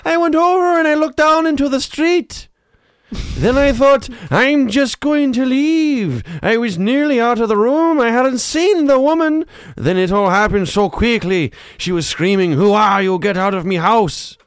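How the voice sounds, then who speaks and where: A man putting on the high, excited voice of a rambling drugged homeless intruder telling his side of the story. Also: unhurried, clean tone, no echo. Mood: breathless.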